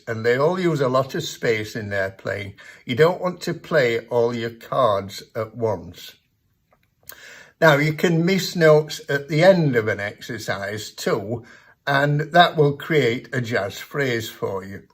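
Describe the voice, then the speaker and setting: A man giving a piano lesson, explaining technique in a measured, patient way. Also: medium pitch, animated. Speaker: piano teacher. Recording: piano playing heard in the background.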